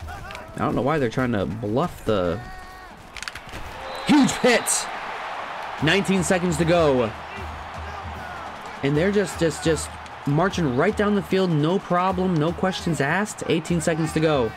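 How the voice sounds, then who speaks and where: A man giving casual let's-play commentary on a football video game, chatty and thinking aloud, laughing at himself and jumping to loud shouts at big plays. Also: a little high, animated, a little slow, over music. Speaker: gaming commentator.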